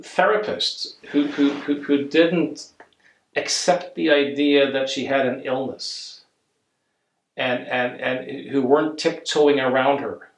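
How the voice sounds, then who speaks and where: Stammering man in a roomy echo. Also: mid-range voice. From Norway. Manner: stammering repetitions, animated quoting. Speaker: therapist. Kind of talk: storytelling interview answers.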